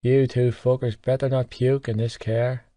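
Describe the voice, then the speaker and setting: A man voicing a sardonic young man with a derisive, deadpan manner. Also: medium pitch, normal speed, no echo, lightly acted.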